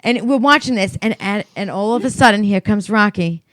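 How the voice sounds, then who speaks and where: A middle-aged woman telling stories in casual chat, profane and animated, acting out what people said. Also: mid-range voice, fairly quick, no room sound. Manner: profane, animated storytelling with acted-out quotes. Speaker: podcast co-host.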